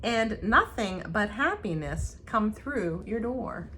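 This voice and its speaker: A woman co-hosting a casual stitching chat, telling stories with lively acted-out quotes. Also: mid-range voice, takes it slowly, a little hiss or hum. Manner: animated storyteller, acts out quotes. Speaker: flosstube co-host.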